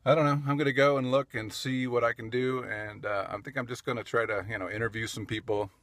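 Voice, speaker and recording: A man's voice: mid-range voice, fairly even intonation, quick pace, a bit bright, dry recording. A man vlogging outdoors in a city park, talking in a loose, chatty way with laughs and restarts before doing street interviews. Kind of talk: casual rambling vlog talk.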